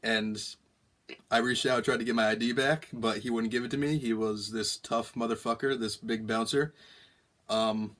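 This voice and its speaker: A young man telling a long story on a prank call in a halting, deadpan way, full of ums and restarts. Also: medium pitch. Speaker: prank caller.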